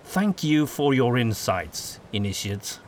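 A man's voice: mid-range voice, big pitch swings, slow pace, a little hiss or hum. A man voicing a stern older male witch hunter master, curt, sarcastic and domineering.

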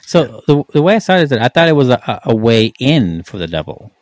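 A man's voice: medium pitch, very animated, no echo. Thoughtful man in casual chat, dry sound. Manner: thoughtful, halting, explains his reading. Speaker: podcast co-host reviewing a film.

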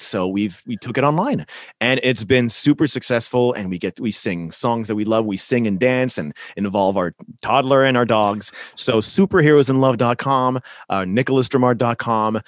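A man's voice: fairly low pitch, no room sound, studio quality. A man in his thirties, a stage performer, talking animatedly as an interview guest with hesitant fillers. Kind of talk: casual interview.

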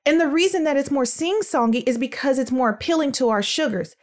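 A woman giving an educational podcast talk on early speech, demonstrating sounds aloud in a lively way and addressing her listeners affectionately. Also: high voice, brisk. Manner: calls listeners sugars and world changers.

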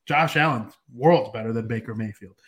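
A man's voice: medium pitch, moderate pace, fairly bright tone. A young man hosting a casual sports podcast, talking in a rambling, joking way. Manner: rambling, jokey. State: hiccups. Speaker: podcast host.

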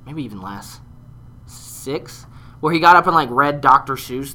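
A man's voice: mid-range voice, lively intonation, unhurried, bright, forceful tone. A young man on his first episode as podcast co-host, giving opinions with joking banter. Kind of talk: casual political chat.

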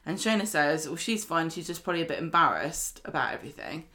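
A British woman with a somewhat low voice talks through a recap in a casual podcast chat. She retells scenes with quoted lines and laughs easily along the way. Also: lively intonation, quick pace, sharp tone. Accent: British English. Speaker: podcast co-host.

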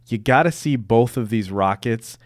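A man's voice: medium pitch, normal speed, dry recording, clean studio sound. A man hosting a podcast, a little congested from a cough, chatting casually and eagerly about tech news. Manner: enthusiastic, geeky. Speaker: podcast host.

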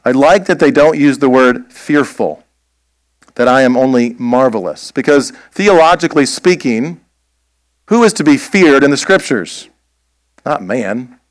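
A man preaching a sermon as pastor, slow and emphatic, posing rhetorical questions. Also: medium pitch, no room sound.

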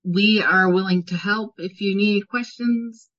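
A woman co-hosting a podcast, giving practical tips in a relaxed, casual way. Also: mid-range voice, a little slow. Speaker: podcast co-host. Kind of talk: casual chat. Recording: dull lo-fi sound.

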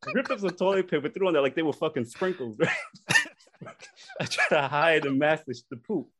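A young man casually telling embarrassing stories on a podcast, animated and acting out the people in them. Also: fairly high pitch, normal speed, background noise. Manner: animated, acts out voices in his stories. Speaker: podcast co-host. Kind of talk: casual storytelling.

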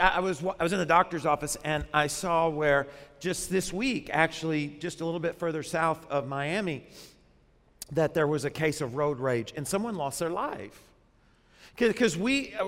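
High-voiced man preaching in a big hall. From Arkansas. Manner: lively, conversational preaching with humor. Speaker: pastor. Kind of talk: sermon.

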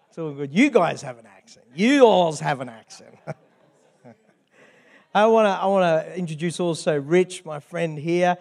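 A man's voice: high-pitched, darkish tone. A man with an Australian accent, preaching as a guest pastor and joking with the congregation. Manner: jovial, banters with the congregation. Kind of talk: sermon. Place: church hall with long reverb. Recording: echoey church hall.

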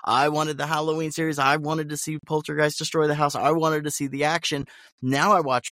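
A man's voice: on the high side, little pitch movement, fairly quick, a bit bright, dry recording, studio quality. A man who works as a voice actor, a guest in a casual chat, ranting bluntly with sardonic, profane jokes.

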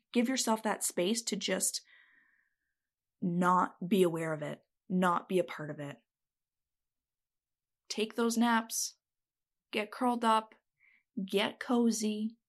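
A woman's voice: fairly high pitch, slow pace, pauses often. A woman giving casual self-help advice to camera. She is blunt and feisty, swears freely and stresses her points hard. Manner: feisty, emphatic.

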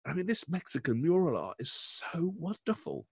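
An older man in casual critical chat, digressing and laughing as he goes. His pitch swings widely and he sounds close, with no room around him. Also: big pitch swings, normal speed, vocal fry, breathy edge, no echo. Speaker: art critic, podcast co-host.

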